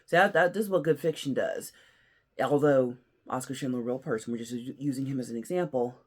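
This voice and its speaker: A man hosting his own commentary show, telling a story earnestly and shifting between loud emphasis and hushed, near-whispered lines. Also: mid-range voice, brisk. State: emotional, near tears. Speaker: host. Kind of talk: casual commentary.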